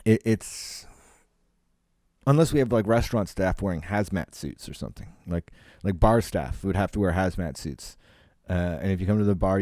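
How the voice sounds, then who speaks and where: A man's voice: sits low, dark tone, no room sound, studio quality. A Canadian man, a comedian, rambling on his solo podcast from home, swearing often and full of fillers. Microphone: home podcast microphone.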